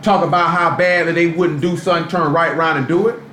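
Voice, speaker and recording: A man's voice: on the high side, fairly even intonation, quick pace, a bit bright. A man preaching a live sermon in a loose, street-style way, full of rhetorical questions. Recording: echoey room, faint background noise, live stream.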